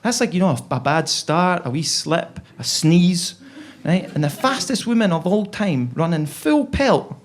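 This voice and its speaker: A man's voice: high-pitched, lively intonation, measured pace, few pauses. A young Scottish man with a Scottish accent doing a chatty, self-deprecating stand-up set on stage. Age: young adult. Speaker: stand-up comedian. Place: comedy club stage.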